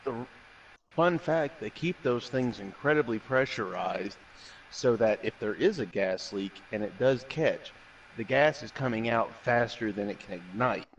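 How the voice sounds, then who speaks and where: A man's voice: mid-range voice, a little slow, dull audio, a little hiss or hum. A man in casual chat, rambling and crude, tossing in trivia.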